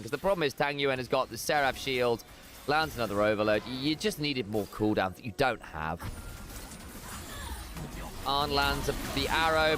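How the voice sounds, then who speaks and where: A man doing live play-by-play esports commentary, jokey and excitable, on a headset mic. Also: mid-range voice. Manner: excitable, jokey, rapid shifts from chatty to shouting. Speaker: esports caster.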